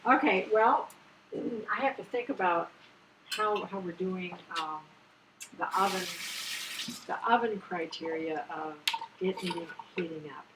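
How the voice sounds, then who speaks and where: A middle-aged woman cooking in a home kitchen, calm and practical as she gives directions, heard off-mic from the camera. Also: lowish voice, unhurried. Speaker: family cook. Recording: roomy, noisy, off-mic kitchen.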